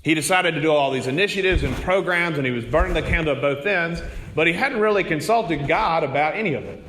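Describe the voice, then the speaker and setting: A man's voice: a little high, expressive, fast, a bit bright, in a large hall, a little hiss or hum. A man preaching a sermon, telling stories in an earnest manner. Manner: storytelling, earnest.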